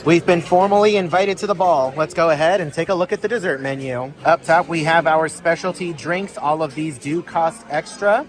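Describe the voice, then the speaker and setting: A man's voice: fairly high pitch, normal speed, hardly any pauses. A man vlogging casually to camera aboard a cruise ship, chatty and upbeat, talking straight to his viewers. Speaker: cruise vlogger, channel host. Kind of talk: casual vlog narration to camera. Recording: busy ship venues with music and crowd chatter behind.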